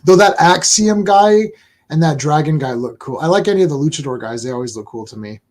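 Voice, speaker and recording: A woman's voice: low-pitched, lively intonation, brisk, a little mellow. A woman co-hosting a casual chat, retelling stories with lots of "I'm like" and laughter. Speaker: podcast co-host.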